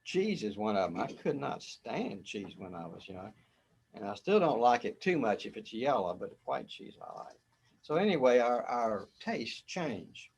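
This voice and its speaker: A man's voice: mid-range voice, sing-song, measured pace, vocal fry, breathy edge. A man as a spiritual teacher, giving a casual, rambling talk where he often repeats words and chuckles.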